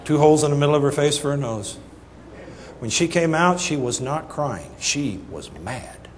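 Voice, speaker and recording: Middle-aged preacher guy telling a funny story, loud then soft, long echo in the church, faint room hum. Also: medium pitch, normal speed. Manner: folksy, animated storyteller shifting between loud punchlines and soft asides. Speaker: pastor. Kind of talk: sermon with humorous storytelling. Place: church sanctuary. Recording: reverberant church hall, faint ambience.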